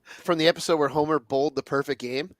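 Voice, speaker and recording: A man telling stories on a casual hockey podcast, halting with fillers. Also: fairly high pitch, fairly even intonation, no echo. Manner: anecdotal, halting. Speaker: podcast co-host. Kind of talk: casual storytelling chat.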